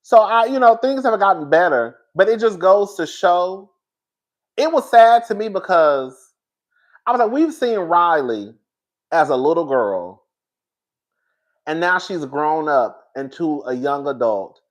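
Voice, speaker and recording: A man's voice: high voice, a little slow. A man giving casual, dramatic commentary on a reality show, talking straight to his viewers with emphatic repeats and frank swearing. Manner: animated, dramatic storytelling with emphatic repetition; swears freely and addresses listeners as "girl".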